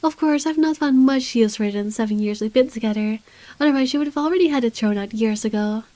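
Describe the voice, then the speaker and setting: A woman's voice: fairly high pitch, fast, dark tone, no room sound, close to an everyday voice. Luke: a woman reading as a sardonic rich man. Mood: irritated. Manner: dry, sardonic first-person narration. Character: irritable wealthy man with guards and a gun. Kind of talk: reading a visual novel aloud.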